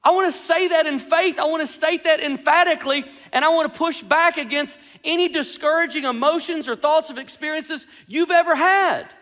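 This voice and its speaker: A man's voice: extremely high pitch, a bit bright. A man preaching a sermon in an earnest, emphatic way, repeating his key phrases. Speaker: pastor. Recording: long hall reverb.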